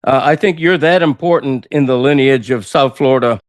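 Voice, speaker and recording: Male radio host, mid-pitched, earnest interviewer, dry close mic. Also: brisk, dry recording. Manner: earnest, complimentary. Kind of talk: radio talk show interview.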